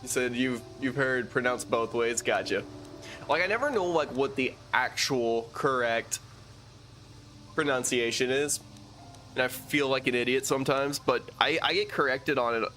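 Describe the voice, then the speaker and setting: A man's voice: mid-range voice, normal speed, slight background noise. Laid-back slangy young man streaming. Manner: slangy, relaxed, thanks viewers, many fillers and restarts. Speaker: game streamer. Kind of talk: casual live-stream chat while gaming.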